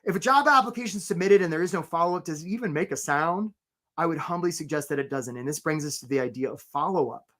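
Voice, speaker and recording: A man's voice: a little high, fast, a bit bright. A man hosting a live career webinar, talking energetically and conversationally and often checking in with "right?".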